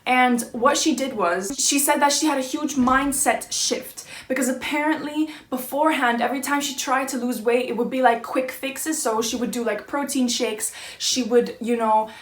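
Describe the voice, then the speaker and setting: A woman's voice: high-pitched, normal speed, hardly any pauses, echoey room. Brash, swearing young woman vlogger. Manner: brash, profane, hyped-up pep talk. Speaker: vlogger, channel host. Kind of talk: casual direct-to-camera vlog.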